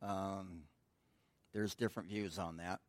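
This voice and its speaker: A man's voice: sits low, fairly even intonation, takes it slowly, no room sound. A man teaching a midweek Bible study in a conversational, informal way, asking the room questions and answering them himself.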